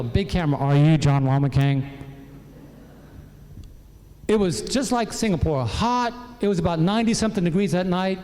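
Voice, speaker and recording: A man preaching a personal testimony, telling his story in a lively way and acting out what his relatives said. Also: sits high. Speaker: pastor. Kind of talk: sermon testimony. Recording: echoey hall.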